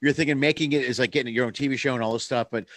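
A quick-talking man hosting a casual conversation over a video call, spinning stories from his stand-up days. His voice is mid-pitched, and the sound is close and dry. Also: steady tone, a bit bright, no echo. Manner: fast, storytelling. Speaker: comedian host. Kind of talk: casual chat.

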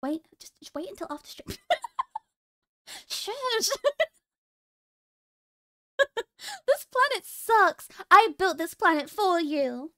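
Giggly high-voiced woman streamer. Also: very animated, slow pace, pauses often, a bit bright, no echo, clean studio sound. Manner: playful, teasing, giggly. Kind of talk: casual stream chat.

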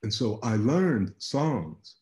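A man speaking as a panelist on a virtual conversation, halting and repeating words as he thinks. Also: medium pitch, big pitch swings, a little mellow, echoey room. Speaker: panelist artist. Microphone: video call.

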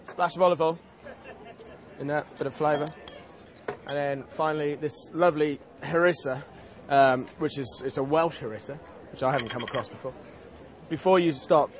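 A man's voice: a little high, highs cut off. A man demonstrating a cooking dish as a TV chef, talking in a casual, chatty and enthusiastic way at an outdoor food festival.

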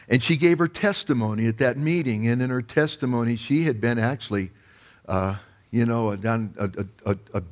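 A male pastor preaching a sermon, telling a story and rising to loud, emphatic peaks. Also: on the low side.

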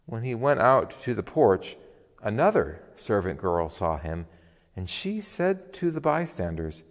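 Slow expressive male scripture reader. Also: fairly low pitch, long reverb tail. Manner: expressive, deliberate reading. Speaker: lay reader. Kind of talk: scripture reading in worship. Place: church.

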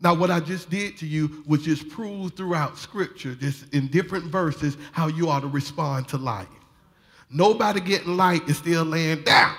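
A man preaching a sermon in a folksy style, laughing often and rising to shouted fervor. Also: on the high side. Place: church sanctuary.

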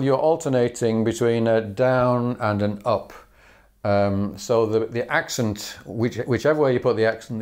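A man teaching a fiddle lesson, explaining patterns in an easy, chatty way with small laughs and fillers. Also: medium pitch. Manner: relaxed, explanatory, chuckles and fillers, counts bows aloud. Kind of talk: instructional lesson.

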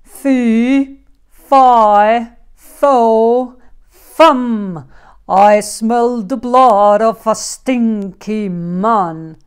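A woman voicing a huge, bad-tempered giant man in a storybook, bellowing slowly and loudly. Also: fairly high pitch, smooth. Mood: booming. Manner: bellowing, slow and loud.

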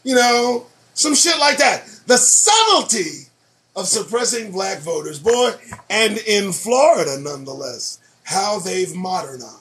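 A man's voice: sits high, sing-song, unhurried, fairly bright tone. A man hosting his own show, reading news headlines aloud and reacting to them with profane, sarcastic commentary. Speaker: show host.

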